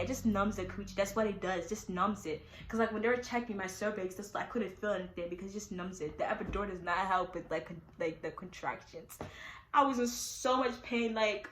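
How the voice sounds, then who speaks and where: A teenage girl telling her own story in a chatty, animated way, with many fillers. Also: on the high side, roomy sound, slight background noise, low-quality recording. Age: teens. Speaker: vlogger. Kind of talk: casual storytime.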